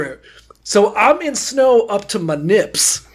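A man's voice: high voice, sing-song, slow, husky. A man co-hosting a podcast, telling a profane, rambling story in casual chat, with stammered restarts. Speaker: podcast co-host.

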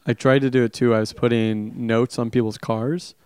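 A man's voice: medium pitch, little pitch movement, moderate pace, darkish tone, clean tone, dry recording. A young man, a comedian, telling rambling stories in casual chat and laughing often.

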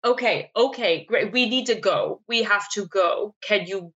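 A woman taking part as a player in a tabletop role-playing game, with a bright, tense voice. She talks in a dramatic, flustered way and often restarts her sentences. Her voice comes through a dull, lo-fi mic. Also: mid-range voice, unhurried, slightly rough. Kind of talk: tabletop game play, casual chat.

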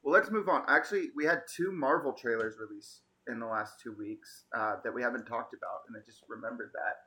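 A man hosts a relaxed conversation with friends in a bright, forceful voice. He sounds animated and quick to laugh as he steers from one topic to the next. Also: mid-range voice, poor audio. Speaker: podcast host. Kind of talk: casual chat.

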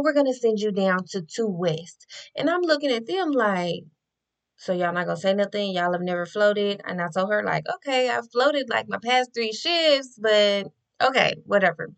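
A young woman, a nurse, telling a story to her viewers in a chatty, animated way. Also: medium pitch. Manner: animated, chatty, addresses listeners as y'all.

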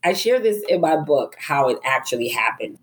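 A middle-aged woman, a guest author on a podcast, telling a personal story in a lively way, acting out her own thoughts and often laughing. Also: sits low, moderate pace.

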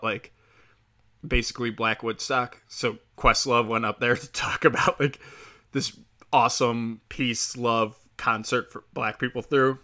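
A man delivers a heated, profane opinion rant in a bright, forceful, mid-range voice, rambling along with fillers as he goes.

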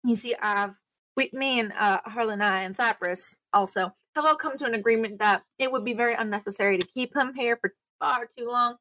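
Woman doing a sweet flirty adventurer lady, high sugary voice, sweet-talking, dry sound. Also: brisk, bright, forceful tone, no room sound. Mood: sweet coaxing. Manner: sugary, coaxing, calls others honey.

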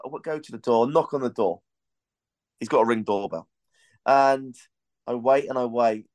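A man's voice: medium pitch, smooth, no echo. A man hosting a podcast, telling a rambling, casual story and swearing now and then. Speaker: podcast host.

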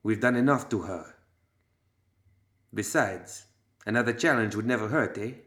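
A man's voice: lowish voice, moderate pace, a bit bright, natural voice. A man voicing a tough, teasing woman gunslinger in an audiobook. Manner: bold and teasing.

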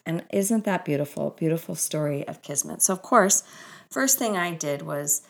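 Gravelly-voiced woman telling inspirational stories. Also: low voice, lively intonation, moderate pace. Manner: warm, earnest and spiritual, with gushing exclamations. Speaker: author and speaker. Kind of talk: inspirational personal storytelling.

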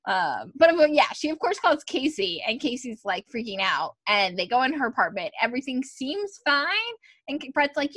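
A woman's voice: sits high, big pitch swings, moderate pace, a bit bright, slightly rough, no echo, studio quality. A woman co-hosting a podcast, chatting casually and animatedly as she recaps a TV episode, with plenty of filler words. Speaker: podcast co-host.

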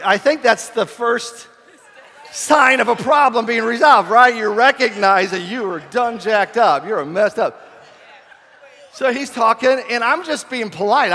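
A man preaching, a pastor telling a humorous story in a relaxed, conversational sermon. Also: sits high. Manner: humorous, conversational, self-deprecating. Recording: long reverb of a large hall.

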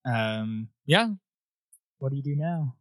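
A man narrating as dungeon master in a relaxed, rambling way with frequent laughs. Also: mid-range voice, takes it slowly, no echo, clean studio sound. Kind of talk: narrating a tabletop game.

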